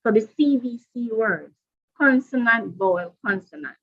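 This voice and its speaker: A woman presenting a professional development workshop to teachers, deliberate and repeating her key points. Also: a little high, animated, dull audio.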